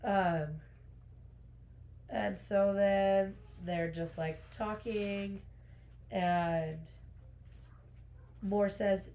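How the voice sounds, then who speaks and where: A woman's voice: medium pitch, steady tone, extremely slow, long pauses, mellow. Chatty woman retelling a book plot. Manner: retells the plot with fillers and quotes. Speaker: podcast co-host. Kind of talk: casual book chat.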